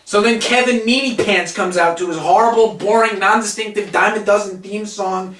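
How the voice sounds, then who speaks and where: A man's voice: high-pitched, fairly even intonation, normal speed, fairly bright tone. A young man co-hosting a casual wrestling review, sarcastic, profane and mocking as he recaps. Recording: echoey room, distant mic.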